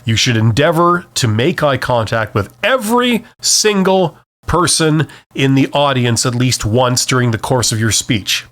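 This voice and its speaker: Man, podcast host, unscripted advice talk, lively pitch, frequent "okay?" check-ins. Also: measured pace, hardly any pauses. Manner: animated, says "okay?" after most points; varies volume and speed to demonstrate.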